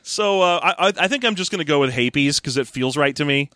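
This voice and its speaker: A man co-hosting a podcast, recapping a book with joking, animated storytelling. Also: fairly high pitch, quick pace, dry recording, clean studio sound. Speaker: podcast co-host. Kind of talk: casual comedic book recap.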